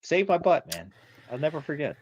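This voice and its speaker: A man's voice: fairly high pitch, very animated, fairly quick, muffled recording, crowd noise. A middle-aged man co-hosting a podcast, telling a flying story and acting out the radio calls. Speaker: podcast co-host, former fighter pilot. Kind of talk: casual storytelling chat.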